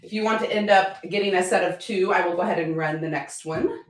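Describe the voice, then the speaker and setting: A woman selling at a live-stream auction, bubbly and excitable, often apologizing and thanking her viewers. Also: lowish voice, quick pace. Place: home room with a chalkboard. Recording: echoey room.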